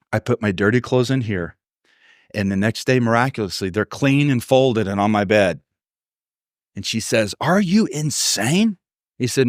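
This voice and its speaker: Male pastor preaching, lively storyteller who voices his quotes; mid-range voice, dry recording. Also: mid-range voice, no echo. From Texas. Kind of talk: sermon.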